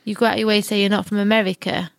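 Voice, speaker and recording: A woman's voice: medium pitch, flat delivery, vocal fry, no room sound. A woman with a Yorkshire accent, born in Scotland, teasing her podcast partner in a casual chat. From born in Scotland, raised in Yorkshire. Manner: teasing, quick interjections.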